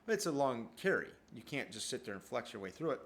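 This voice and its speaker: A man's voice: medium pitch, sing-song, quick pace, a little hiss or hum. A man at home telling a rambling, profane story in a casual monologue. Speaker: vlogger. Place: at home, downstairs.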